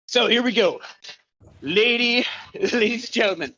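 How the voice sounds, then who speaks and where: A man hosts a casual live podcast, out of breath as he introduces each guest while pedaling. His voice has a bright, forceful edge. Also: extremely high pitch, unhurried, long pauses, poor audio. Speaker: podcast host.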